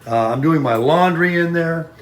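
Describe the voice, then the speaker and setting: A man's voice: a little high, moderate pace. A man talking in a casual, rambling, folksy vlog style. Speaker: vlogger.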